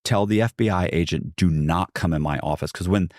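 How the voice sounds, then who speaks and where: A man's voice: low-pitched, brisk, a little mellow, no room sound, clean studio sound. A man guest in a podcast interview, telling a long story animatedly and acting out what others said, with many fillers and restarts.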